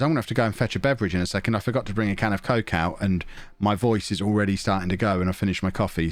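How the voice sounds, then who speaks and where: A young man chatting casually to his viewers while streaming a game from a small home office, talking close into a desk mic in a rambling way. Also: on the low side. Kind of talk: casual live-stream chat while gaming. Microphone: desk mic close to the mouth.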